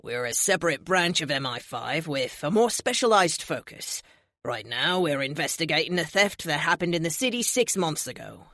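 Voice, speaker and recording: A woman's voice: low voice, lively intonation, moderate pace, a bit bright, dry recording, clean studio sound. A woman voicing a courteous British male secret agent with a London accent. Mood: polite.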